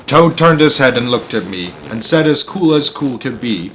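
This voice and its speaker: A man reads a rhyming children's book aloud in a middle-pitched voice. He springs up loud and high for shouted lines, then sinks soft and low for calm ones. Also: normal speed, few pauses. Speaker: storyteller.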